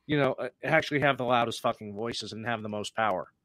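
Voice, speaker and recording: Male radio co-host, emphatic and rambling, with a bright, forward voice. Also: medium pitch, fast, a little hiss or hum. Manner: emphatic, rambling with many fillers. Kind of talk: political talk radio chat.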